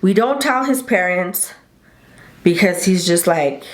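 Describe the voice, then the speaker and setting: A woman's voice: lowish voice, expressive, measured pace. A woman in her thirties telling a rambling, chatty story to the camera, often correcting herself. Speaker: vlogger. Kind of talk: casual storytime chat. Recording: roomy home recording.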